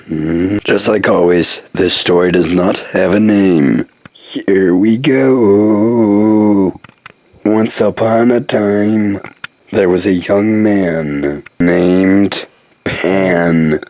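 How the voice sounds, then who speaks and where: Low husky guy doing a fake grandpa voice, slow goofy rambling story. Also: a little mellow, dry recording. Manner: put-on deep old-man voice, rambling and joking. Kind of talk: improvised comic storytelling.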